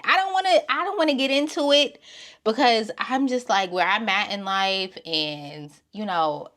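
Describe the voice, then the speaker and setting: A woman giving blunt, profane opinions in a casual vlog, dropping from low mutters to loud exclamations. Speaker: TV show reviewer.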